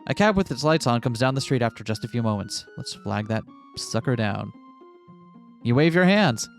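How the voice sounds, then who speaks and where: A man's voice: medium pitch, normal speed, gravelly, faint music behind. Man reading a text game aloud. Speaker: co-host playing a game.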